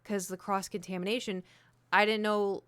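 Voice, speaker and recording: A young woman streamer telling a rambling story to her chat, animated, with lots of "like" and acted-out quotes. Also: medium pitch, normal speed, smooth, no echo. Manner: animated, rambling, heavy use of "like", acts out quoted speech.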